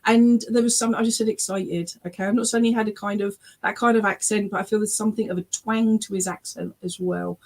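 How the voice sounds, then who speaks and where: A woman medium gives an online reading over a video call. Her voice sits at a middling pitch for a woman. She is chatty and emotional, keeps checking in with her listener, and slips easily into laughter and teary exclamations. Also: fairly even intonation, fairly quick, hardly any pauses, darkish tone. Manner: chatty, checks in often with "okay?" and "all right?". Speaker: spiritualist medium.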